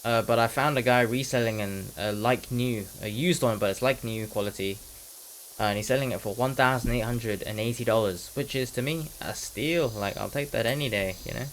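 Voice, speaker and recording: A man's voice: mid-range voice, fairly quick, slight background noise, rough recording. A nineteen-year-old man chatting casually while playing a game, rambling and making jokes at his own expense, now and then slipping into a mock British slang voice. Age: teens. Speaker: gaming commentator.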